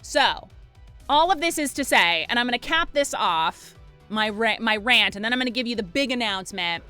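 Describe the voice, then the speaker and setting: A woman's voice: fairly high pitch, animated, moderate pace, sharp tone, clean tone, faint music behind. A woman in her twenties, a streamer delivering a fired-up, emphatic rant to her chat, with some swearing. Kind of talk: livestream rant.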